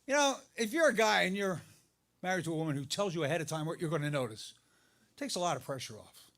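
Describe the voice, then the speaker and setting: Middle-aged guy doing standup, high voice that bounces all over, storytelling about his wife. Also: fast. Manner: animated storytelling, voice jumps up for punchlines. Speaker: stand-up comedian. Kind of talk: stand-up comedy set. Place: live comedy venue with audience laughter.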